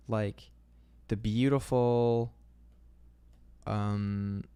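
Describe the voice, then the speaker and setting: A young man with a low, gravelly voice talks through his drawing on a livestream. He rambles along in a laid-back way, full of fillers, and keeps calling his viewers "man.". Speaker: illustrator streaming live. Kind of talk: casual livestream chat reading comments.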